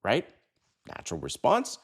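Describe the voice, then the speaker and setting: A brash man in his fifties talks straight to the camera about dating and does not hold back on the swearing. His voice sits low, but his pitch swings widely as he punches words and drops into quick mimicry. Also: wildly swooping pitch, vocal fry, slightly rough. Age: 50s. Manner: brash, emphatic, swears, mimics quoted lines in a higher voice. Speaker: dating advice host. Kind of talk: casual talking-head advice monologue.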